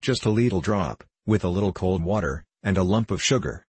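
A man voicing a sly, fawning woman who runs a parish baby farm, speaking with false humility and lower-class turns of speech. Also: lively intonation, fairly quick, a little mellow, husky, no echo. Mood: wheedling. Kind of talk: audiobook character voice.

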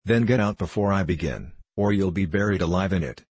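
A man reading aloud, voicing a grumpy old male sand fairy who answers in a gruff, offhand mutter. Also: deep voice, a little fast, darkish tone, no room sound. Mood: grumbling.

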